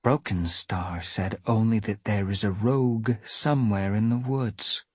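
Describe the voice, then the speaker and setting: A man voicing a stern she-cat clan leader in a measured, menacing way during a live reading of a cat novel. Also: fairly low pitch, fairly even intonation, darkish tone, husky, no echo, voice pushed up. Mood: icy calm.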